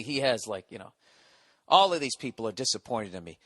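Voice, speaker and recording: A man's voice: medium pitch, very animated, fairly quick, a bit bright, dry recording, clean studio sound. Ranting man with a sore throat. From United States. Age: 40s. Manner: profane, ranting, sarcastic storytelling. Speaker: podcast host. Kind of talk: casual comedic monologue.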